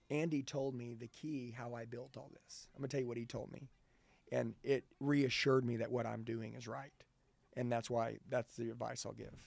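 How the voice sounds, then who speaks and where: Male sales trainer, gravelly and husky, blunt and profane, fired-up delivery. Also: mid-range voice, a little mellow, no echo. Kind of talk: intense motivational interview talk.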